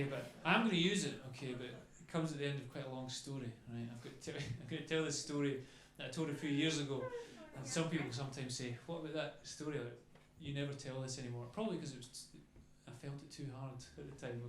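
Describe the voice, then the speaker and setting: A man's voice: medium pitch, a bit bright. A man doing a stand-up comedy routine on a club stage into a handheld mic, chatty, adding "okay?" after his lines. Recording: echoey club with faint ambience.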